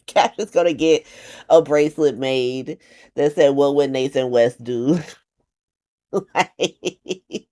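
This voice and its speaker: Woman doing a soap recap, lively swoopy voice, lowish, slangy and animated. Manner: animated, slangy, acts out characters in quick voices. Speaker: soap opera recap host. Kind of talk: casual comedic recap.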